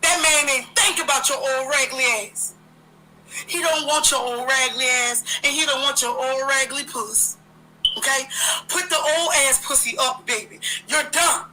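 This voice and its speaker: A woman's voice: high-pitched, normal speed, bright, forceful tone, rough recording. A woman hosting a livestream, delivering a heated, profane, confrontational rant full of repeated jabs. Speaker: livestream host.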